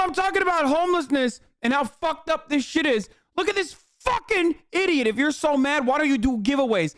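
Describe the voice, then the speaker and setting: A man with a high voice rants over a video he is reacting to, heated and profane, cursing in nearly every sentence. The sound is dry and close, with no room around it. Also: expressive, brisk, few pauses, fairly bright tone, no room sound. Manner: heated, swears constantly, says "dude" often. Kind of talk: profane ranting commentary.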